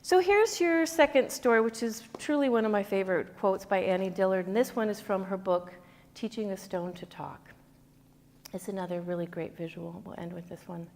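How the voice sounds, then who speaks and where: A chatty woman yoga teacher addresses her class at a mid pitch, rambling through stories with lots of fillers and playful sound effects. Her voice carries a long reverb from the studio space. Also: normal speed, a little mellow. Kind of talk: informal class talk and storytelling.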